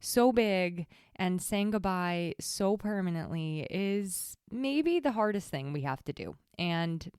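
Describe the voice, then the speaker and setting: A woman with a lowish, animated voice speaks slowly with few pauses, her tone darkish, clear, and resonant, with no echo. Hosting her own solo podcast, she talks candidly and chattily, saying "like" a lot, her voice teary and close to crying.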